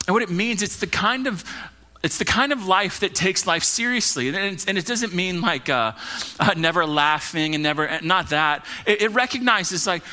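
A man preaching from the pulpit, his voice pitched a little high and ringing with a sharp, bright edge. He presses his points hard, then suddenly drops to a hushed, low line to let them land. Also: normal speed. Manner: earnest preaching, swings between loud urging and hushed low lines. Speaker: pastor. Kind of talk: sermon.

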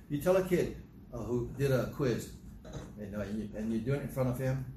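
An older male preacher delivers a sermon at a middle pitch, animated and chatty, acting out little exchanges in other voices. His voice rings in an echoey room, with a clear layer of noise behind it. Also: brisk. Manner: animated, acts out dialogue in different voices. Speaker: pastor.

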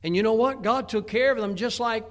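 A man preaching a sermon, telling Bible stories with animated acted-out voices, swinging from loud peaks to hushed low tones. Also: fairly quick.

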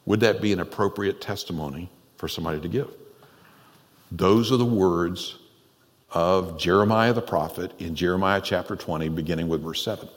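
Pastor, man, lowish voice, chatty animated preaching style, echoing sanctuary reverb. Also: moderate pace. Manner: conversational, animated, laughs often. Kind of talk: sermon. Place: church sanctuary. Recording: long reverb in a church hall.

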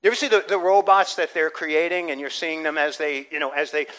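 Bright, high-voiced male preacher. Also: fairly even intonation, fast talker. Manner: earnest preaching with repetitions and rising emphasis. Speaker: pastor. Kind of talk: sermon.

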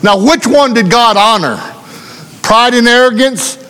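A man's voice: extremely high pitch, a little slow, bright, forceful tone, clear, resonant tone. A male preacher giving a sermon in earnest, repetitive rhetorical questions, speaking in a church. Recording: long hall reverb.

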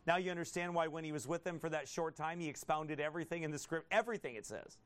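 A man with a somewhat high-pitched voice delivers a pastor's sermon, peppering it with rhetorical questions. He reads scripture slowly and deliberately and swells into forceful, emphatic bursts. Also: smooth.

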